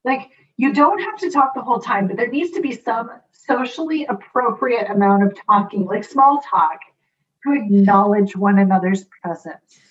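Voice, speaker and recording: A woman co-hosting a casual podcast, chatting in an animated way about a sitcom scene, with lots of fillers. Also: medium pitch, normal speed, distant mic, lo-fi sound. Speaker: podcast co-host. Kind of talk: casual rewatch chat.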